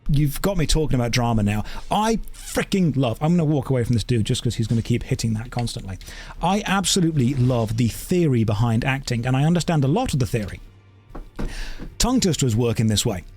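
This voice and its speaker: Husky-voiced man telling animated stories. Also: medium pitch. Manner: rambling anecdotes with tangents; animated storytelling. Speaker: streamer. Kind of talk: casual chat while streaming a game. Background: faint game music.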